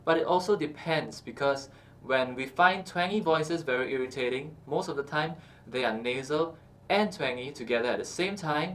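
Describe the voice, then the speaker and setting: A man's voice: fairly high pitch, moderate pace. Man coaching singing, fillers and okays. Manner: explains calmly with frequent uh and okay, breaks into short sung examples. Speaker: singing teacher. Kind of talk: instructional talk with sung demonstrations.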